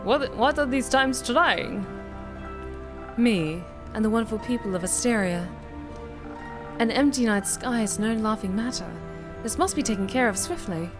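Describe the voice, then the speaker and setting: A woman's voice: on the high side, animated, normal speed, lightly acted. Give me a woman doing a self-important female cleric with a formal, grand manner, over music. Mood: formal, self-assured.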